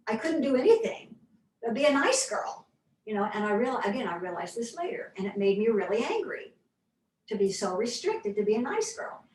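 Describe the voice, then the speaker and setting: A woman reflecting in a thoughtful, halting conversational way, sometimes dropping to soft near-whispers. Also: fairly high pitch, sing-song. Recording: echoey room, mic at a distance, faint noise.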